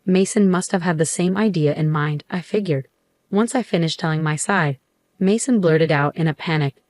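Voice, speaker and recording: Woman narrator, first-person story reading, measured delivery, lowish voice, dry close sound. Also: a little mellow, no echo.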